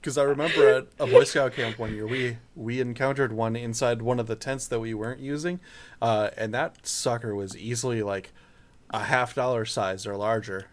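A man chatting casually with dry, low-key remarks. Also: fairly even intonation, moderate pace. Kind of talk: casual chat.

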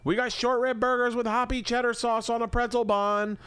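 A man putting on a high, drawling falsetto as a chirpy Southern wife boasting during an ad read. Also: little pitch movement, brisk, a bit bright, smooth, no room sound. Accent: American Southern, put on.

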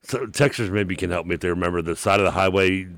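A man's voice: sits low, fast, fairly bright tone, no echo, clean studio sound. A man co-hosting a radio show in casual banter, rambling through memories and often laughing. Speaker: sports radio co-host. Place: radio studio.

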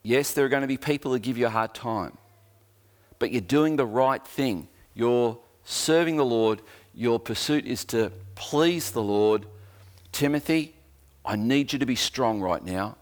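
A man's voice: mid-range voice, a little slow. A man with an Australian accent, preaching a sermon as a pastor in an earnest, conversational way with joking asides.

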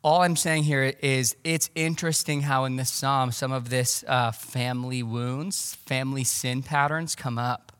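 A man preaching a sermon as pastor, conversational and animated, with casual asides. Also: medium pitch, a little slow, few pauses, clean tone, in a large hall. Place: church.

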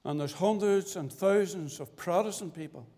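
A middle-aged man giving his gospel testimony as a lay preacher, earnest and pleading, with dramatic pauses. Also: high voice, mellow. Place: church fellowship hall. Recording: long hall reverb.

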